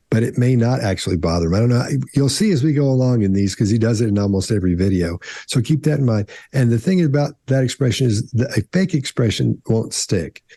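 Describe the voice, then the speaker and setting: A man's voice: medium pitch, warm tone, husky, dry recording, studio quality. A middle-aged man on a panel, explaining body language in a rambling way, often restarting and acting out quotes. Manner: rambling, self-correcting explanations with acted-out quotes. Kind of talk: casual panel analysis.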